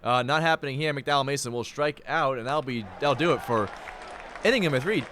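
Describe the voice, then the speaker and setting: A man's voice: mid-range voice, brisk, a bit bright, a faint crowd, a little hiss or hum. A young man giving live play-by-play commentary, playful and jokey, with rambling asides. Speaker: play-by-play announcer.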